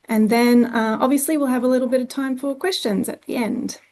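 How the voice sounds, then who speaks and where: A woman's voice: sits high, steady tone, brisk, dark tone. A woman with an Australian accent presenting a conference session, speaking plainly with frequent ums and restarts. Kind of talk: presenting a webinar talk.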